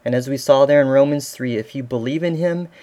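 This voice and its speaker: A man's voice: mid-range voice, fairly quick, warm tone. Earnest male pastor preaching a sermon. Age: adult father. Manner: earnest, with rhetorical questions to the listeners.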